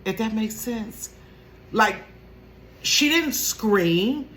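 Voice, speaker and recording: A woman in her fifties tells a casual storytime from her bedroom. Her voice sits a little high and leaps around a lot, and she laughs often, acting out quoted lines and now and then dropping to a whisper. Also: lively intonation, drawn-out words, a bit bright, a little hiss or hum. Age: 50s. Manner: drops to a whisper at times. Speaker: vlogger telling a story.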